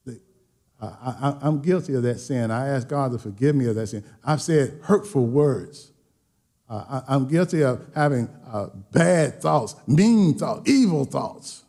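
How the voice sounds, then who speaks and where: A man preaching a sermon as pastor, repeating phrases and building toward shouted emphasis. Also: medium pitch, animated, a little slow.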